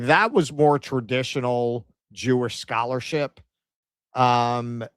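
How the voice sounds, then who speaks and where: Mid-pitched New co-host, wry and chatty, dry sound. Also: male voice, dry recording. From New York. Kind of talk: casual livestream chat.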